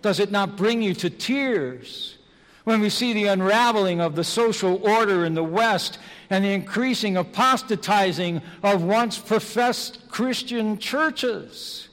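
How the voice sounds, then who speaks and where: A man preaching an evening sermon, slow and dramatic, moving between hushed and loud passages. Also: high voice. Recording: long reverb of a large hall.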